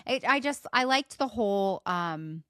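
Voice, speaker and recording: A woman's voice: medium pitch, a little slow, smooth, no room sound, clean studio sound. A middle-aged woman co-hosting a podcast, chatting casually about her son with lots of fillers. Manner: chatty, many "like" fillers, rising excited questions. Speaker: podcast co-host. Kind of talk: casual chat.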